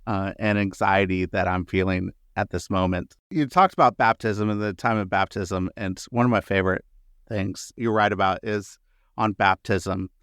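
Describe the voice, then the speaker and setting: A man hosting a podcast interview, asking questions in a relaxed, friendly way with fillers like uh and um. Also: low-pitched, moderate pace, clear, resonant tone, no room sound, clean studio sound. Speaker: podcast host. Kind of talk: casual interview conversation.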